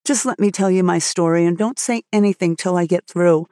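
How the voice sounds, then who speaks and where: A woman's voice: fairly low pitch, brisk, dark tone, no echo, close to an everyday voice. An impulsive teenage girl pours out an earnest, breathless confession in a slightly raised voice, as a woman reads her part. The storybook reading sounds close and dry.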